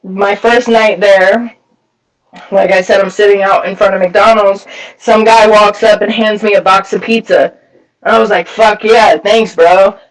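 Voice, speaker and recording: High-voiced man telling a blunt, profane story. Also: steady tone, moderate pace. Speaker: speaker sharing a recovery story. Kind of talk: candid personal testimony at a recovery meeting. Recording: voice a bit far from the mic.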